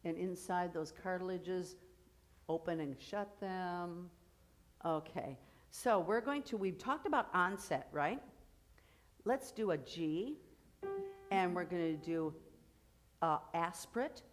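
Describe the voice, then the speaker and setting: A woman's voice: lowish voice, expressive, slow pace, long pauses. A woman coaching a choir through vocal technique, explaining and encouraging as she demonstrates. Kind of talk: rehearsal vocal instruction.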